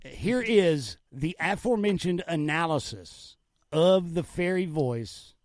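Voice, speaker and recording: A man's voice: fairly high pitch, expressive, slow, darkish tone, dry recording, clean studio sound. Joking man hosting clips. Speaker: podcast host. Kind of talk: casual chat.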